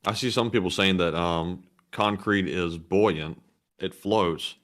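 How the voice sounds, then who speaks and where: Low-voiced co-host with dry puns. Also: male voice, slow pace, fairly bright tone. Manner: dry puns, skeptical asides. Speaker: co-host reading super chats. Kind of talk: casual live-stream chat.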